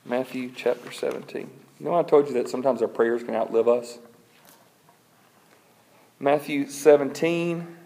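A man preaching a sermon, telling a scripture story with humor and animated delivery and reading verses aloud. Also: medium pitch, moderate pace, creaky, long pauses. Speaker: pastor.

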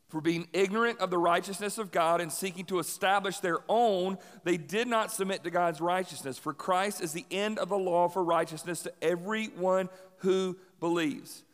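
A young adult man preaching a sermon in a casual, energetic way, repeating key lines for emphasis. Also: high voice. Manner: energetic, conversational, emphatic repetition. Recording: long hall reverb.

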